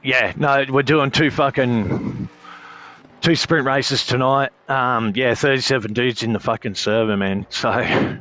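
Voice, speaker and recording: A laid-back Australian man chats with viewers on a live sim racing stream, rambling loosely and swearing in almost every line. His medium-pitched, slightly bright voice moves at a measured pace with fairly even intonation.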